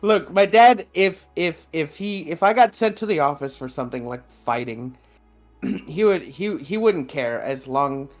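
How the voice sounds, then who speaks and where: A man's voice: on the high side, lively intonation, measured pace, soft background music. Laid-back, swearing male podcast co-host. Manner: loose, swearing, laughing chat with many restarts. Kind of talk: casual chat.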